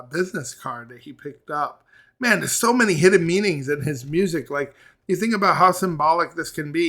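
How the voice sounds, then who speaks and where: A man hosting a music reaction video, talking casually and reacting with quick excitement between plays of the track. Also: on the high side.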